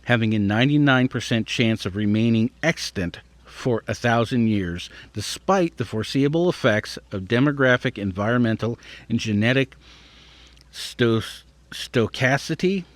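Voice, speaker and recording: A podcast host reads an article out loud, pausing to share his own thoughts and tripping over tricky words now and then. His voice sits in the middle range, and there's no echo.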